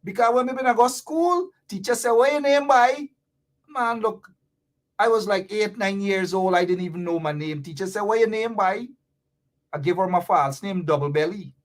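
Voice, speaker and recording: With a high, brisk voice, a Guyanese man in a Guyanese Creole accent runs a live-stream talk show. He reads viewer comments aloud and explains local slang, leaning on lots of repetition.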